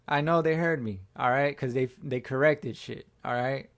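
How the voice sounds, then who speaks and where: A man hosting his own fan channel, hoarse from screaming, giving a slangy sports reaction chat as if talking to a buddy. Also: mid-range voice, moderate pace. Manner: slangy, talks like chatting with a buddy. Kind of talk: casual sports reaction talk.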